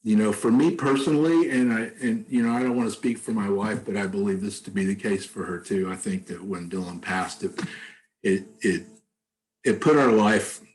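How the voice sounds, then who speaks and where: A man talking casually on a video call in a soft-spoken, halting way with many fillers. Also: lowish voice, poor audio. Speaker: songwriter and bereaved father. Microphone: computer mic on a video call.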